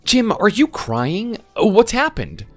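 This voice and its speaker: A man's voice: high voice, wildly swooping pitch, slow pace, soft background music, pitched above the performer's own voice, full character voice. A man voicing a concerned family man in a voice-acted text story, asking careful questions.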